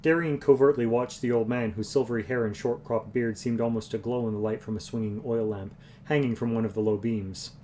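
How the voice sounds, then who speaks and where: A man's voice: mid-range voice, slight background noise. Man reading a fantasy novel aloud. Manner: even, unhurried reading with occasional restarts. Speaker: reader. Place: home livestream.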